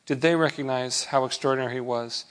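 A man preaching a sermon in a relaxed, conversational way, with rhetorical questions and frequent restarts. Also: mid-range voice, quick pace, clean tone. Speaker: pastor.

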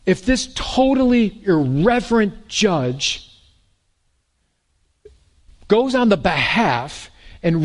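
A man preaching a sermon in a lively way, with joking asides and repeated words. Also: sits high. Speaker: pastor.

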